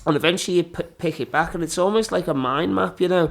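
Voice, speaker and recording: A middle-aged man chats as a podcast guest, his voice sitting a little high for a man. He spins long, rambling anecdotes, breaking them up with fillers and putting on the voices of the people in them. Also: fast talker, creaky. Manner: rambling, animated anecdotes with many fillers and laughs. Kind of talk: casual storytelling chat.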